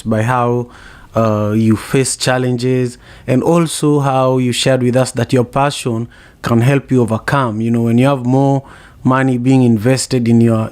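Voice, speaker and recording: A man's voice: medium pitch, darkish tone. A man hosting a casual online discussion, speaking reflectively with frequent fillers. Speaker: host.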